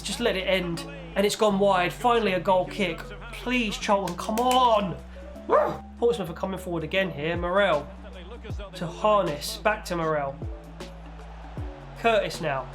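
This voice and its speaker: A young man giving casual, exasperated play-by-play on his own football video game. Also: high voice. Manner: animated, exasperated play-by-play with pleading outbursts. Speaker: gaming YouTuber commentating his own match. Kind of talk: casual live game commentary.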